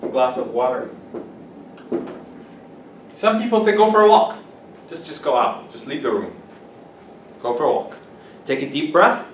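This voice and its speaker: A man's voice: medium pitch, big pitch swings, measured pace, long pauses, fairly bright tone, slight background noise. A man teaching English vocabulary to a class, explaining words with examples and asking students questions. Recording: echoey classroom mic from a distance.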